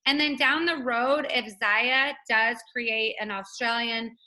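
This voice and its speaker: A woman's voice: fairly high pitch, slow, pushed and bright, low-quality recording. A woman hosting a casual team video call, chatty and upbeat, laughing often.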